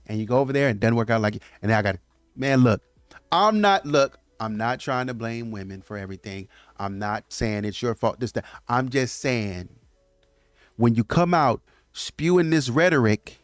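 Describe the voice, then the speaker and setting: Animated man ranting about dating. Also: medium pitch, normal speed, no echo, soft background music. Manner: animated, acts out quotes of others. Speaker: host. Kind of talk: casual commentary monologue.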